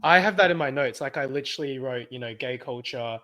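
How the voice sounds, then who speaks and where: Bright-voiced Australian man, giggly chat. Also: medium pitch, a little fast. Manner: giggly, animated storytelling with frequent laughs. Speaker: podcast co-host. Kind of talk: casual chat.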